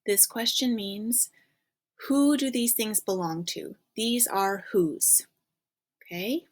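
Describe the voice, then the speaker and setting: A woman teaching a recorded French lesson in English, patiently prompting students to think and checking in with frequent okays. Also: mid-range voice.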